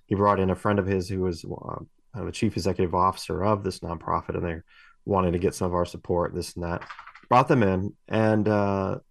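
A podcast co-host with a deep, gravelly voice tells stories in casual podcast chat, rambling along with plenty of fillers and restarts. There is no room sound at all.

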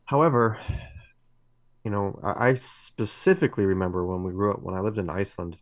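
A man's voice: fairly low pitch, a little fast, no echo. A middle-aged man co-hosting a podcast, telling long rambling stories with many fillers and restarts. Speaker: podcast co-host. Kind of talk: casual podcast chat.

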